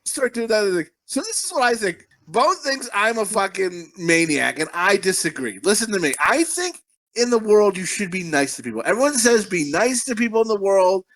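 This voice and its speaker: A man's voice: high-pitched, very animated, moderate pace, a bit bright. A man co-hosting a podcast, ranting bluntly and swearing constantly in casual chat. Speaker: podcast co-host.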